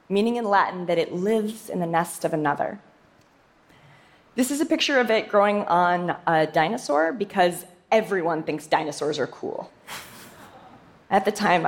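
With a fairly low voice, a young female scientist presents a prepared talk. She adds lively emphasis and works in playful asides along the way.

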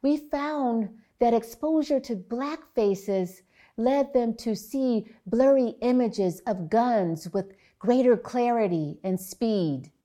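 A woman psychologist giving a public talk, telling a story and explaining research in a measured, deliberate way. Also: on the high side, dark tone.

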